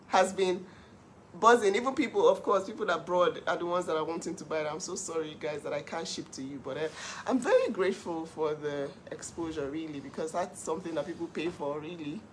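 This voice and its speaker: A middle-aged woman hosting her own live stream, telling her story with animated emphasis. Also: on the low side, fairly quick, slight background noise. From Nigeria. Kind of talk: casual live-stream monologue.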